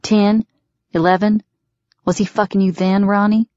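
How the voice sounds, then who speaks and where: A woman's voice: mid-range voice, flat delivery, measured pace, warm tone, no room sound, lightly acted. A woman reading as a fanatical, contemptuous middle-aged father, a villain in an audiobook who sneers and threatens. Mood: menacing. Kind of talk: audiobook character voice. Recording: dry, dull lo-fi recording.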